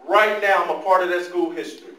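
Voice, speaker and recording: Male motivational speaker, animated storyteller, fairly high voice, captured from a distance in an echoey room. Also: fast. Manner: animated storytelling, talks to the audience. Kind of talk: motivational talk to youth. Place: large room, speaking to a live audience. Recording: echoey room, mic far off.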